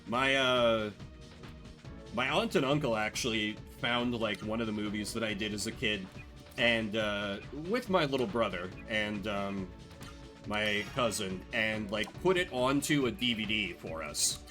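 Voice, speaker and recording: Bright-voiced young man chatting over gameplay. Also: fairly low pitch, expressive, a little slow, faint music behind. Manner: chatty, rambling storytelling with many fillers. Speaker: streamer. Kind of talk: casual gameplay commentary.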